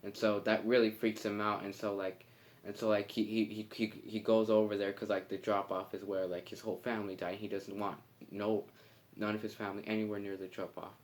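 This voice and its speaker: A man casually retelling a film's plot, halting and full of fillers and restarts. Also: fairly low pitch, flat delivery. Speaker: movie reviewer.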